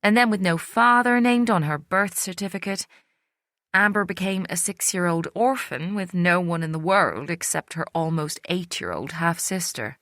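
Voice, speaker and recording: A woman reading an audiobook, voicing a gentle middle-aged female social worker with a soft Irish accent. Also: fairly low pitch, moderate pace, dry recording, studio quality, close to an everyday voice. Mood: sombre. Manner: gentle, soft-spoken, reflective. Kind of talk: audiobook character voice.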